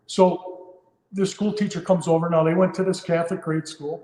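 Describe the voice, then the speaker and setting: A firefighter in his fifties, appearing as a podcast guest, tells a heartfelt story with earnest sincerity, often using fillers and starting sentences over. His voice is a little high, warm, level in tone, and at normal speed, captured in a roomy space with long reverb.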